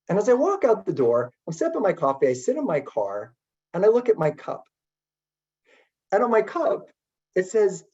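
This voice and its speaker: Middle-aged man, keynote speaker, chatty storytelling, swooping voice, dull lo-fi audio. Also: high-pitched. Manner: animated and chatty, many "like" fillers. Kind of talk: storytelling webinar talk.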